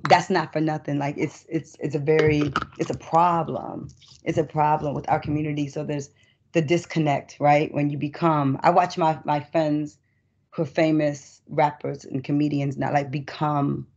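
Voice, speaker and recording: Expressive middle-aged woman poet. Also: low-pitched, vocal fry, husky. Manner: expressive, emphatic, with casual spoken phrasing. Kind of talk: spoken-word poetry and conversation. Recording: dull lo-fi recording.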